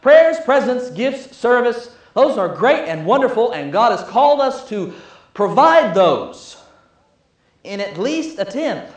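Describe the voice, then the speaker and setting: A man preaching a sermon, emphatic and building through repetition, then dropping to a hush. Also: very high voice, very animated, a little slow. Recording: echoey room.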